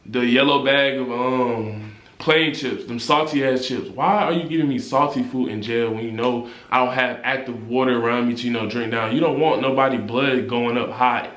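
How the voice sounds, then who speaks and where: A young man spins a casual storytime in heavy street slang. His voice sits mid-range and jumps higher when he gets worked up. The room around him is bare and echoey. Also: normal speed. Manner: animated slangy storytelling, rising when indignant. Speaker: vlogger.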